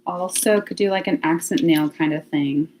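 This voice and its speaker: A woman's voice: sits low, normal speed, a little mellow, slight background noise. Chatty woman livestreaming from home. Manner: chatty, thinking aloud, laughs often. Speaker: livestream host. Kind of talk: casual live chat to viewers. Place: home, near laundry closet.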